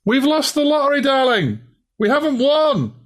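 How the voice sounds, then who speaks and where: A man's voice: very high-pitched, big pitch swings, normal speed, fairly bright tone, voice pushed up, exaggerated voice. A man voicing a flustered middle-aged man who takes a phone call about the lottery.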